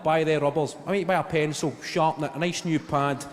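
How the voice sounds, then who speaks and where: Speaking briskly in a slightly high voice, a Glaswegian comedian swears his way through animated stories that rise to loud shouted punchlines. He's on a theatre stage with a laughing audience. The sound carries long hall reverb, loud ambience, and background noise.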